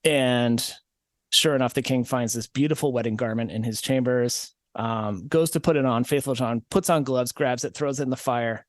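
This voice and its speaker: A man's voice: medium pitch, normal speed, no room sound, clean studio sound. A man hosting a podcast, retelling a fairy tale as comedy in a wry, rambling manner. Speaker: podcast host.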